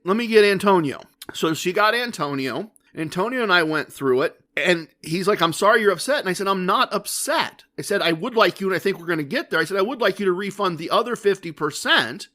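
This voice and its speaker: A middle-aged man hosting a podcast, telling a personal story in a casual monologue and acting out the conversations slowly and with emphasis. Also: high voice, fairly bright tone. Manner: deliberate, re-enacting dialogue with emphatic slow repetition. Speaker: podcast host.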